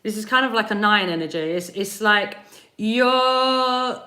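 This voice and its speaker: A woman giving tarot readings on a live stream, chatting gently with viewers and softly repeating their names as she tunes in. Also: mid-range voice. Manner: slow, soothing, repeats names while tuning in. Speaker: tarot reader.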